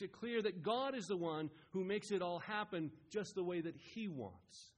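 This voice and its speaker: Husky-voiced pastor preaching a sermon. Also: male voice, sits high, moderate pace, few pauses. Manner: rising and falling in emphasis, building to loud peaks.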